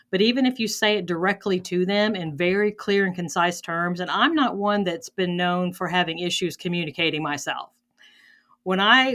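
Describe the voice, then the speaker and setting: Woman podcast host, punchy and emphatic, leans hard on repeated words. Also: fairly low pitch. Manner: emphatic, animated, repeats phrases for stress. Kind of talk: conversational interview.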